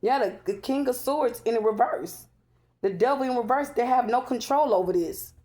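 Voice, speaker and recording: A woman's voice: a little high, moderate pace, warm tone. Chatty woman giving a tarot reading. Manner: chatty, repeats "okay?" often, emphatic and preachy. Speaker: tarot reader. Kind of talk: casual spiritual tarot reading.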